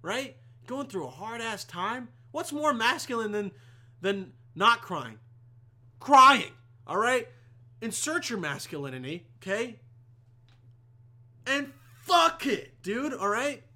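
A man's voice: sits high, sing-song, measured pace, bright, forceful tone. A young man hosting a podcast, telling a rambling, heavily profane story in a casual monologue. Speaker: podcast host.

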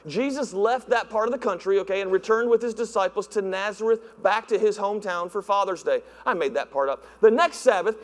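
A male pastor preaching in a church, animated and acting out voices with laughs. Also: high-pitched, fairly quick, hardly any pauses. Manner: animated, acts out voices, laughs at own jokes. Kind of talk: sermon. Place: church sanctuary. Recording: long hall reverb.

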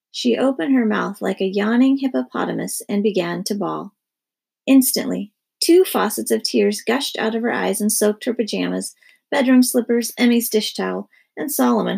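Gravelly-voiced woman reading a children's book. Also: mid-range voice. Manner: expressive storybook narration. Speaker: storyteller.

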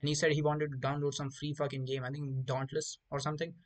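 A man's voice: a little high, level tone, quick pace, low-quality recording. A man hosting a podcast, telling rambling stories in casual chat with lots of swearing and stumbling restarts. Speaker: podcast host.

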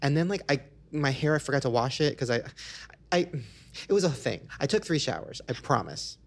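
A man's voice: a little high, lively intonation, a little fast, gravelly. A man hosting a casual comedy talk show, joking and laughing often at himself. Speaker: show host.

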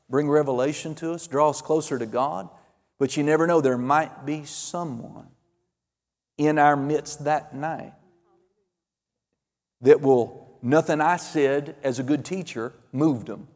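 A man preaching a fervent sermon, calling out amens and hallelujahs, swinging between loud and hushed. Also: a little high, big-room sound. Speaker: pastor.

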